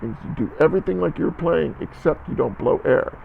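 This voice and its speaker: A man's voice: fairly high pitch, expressive, a little fast, vocal fry, few pauses, phone-quality sound, a little hiss or hum. A man teaching a band lesson on video, counting aloud and coaching students, often checking in with "okay?". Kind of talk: instructional music lesson video.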